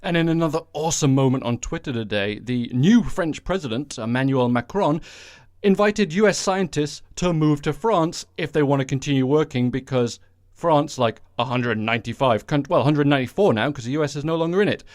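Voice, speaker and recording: A man's voice: a little high, fairly quick, darkish tone, no room sound, studio quality. A man hosting a solo podcast, ranting casually with sarcastic, sweary, rambling asides. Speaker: podcast host. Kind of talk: casual solo political rant.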